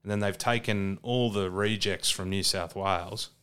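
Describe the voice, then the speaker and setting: Australian man, podcast co-host, low voice, smooth and clear, blunt laid-back footy talk, sweary. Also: fairly even intonation, moderate pace, fairly bright tone. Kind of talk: casual sports chat.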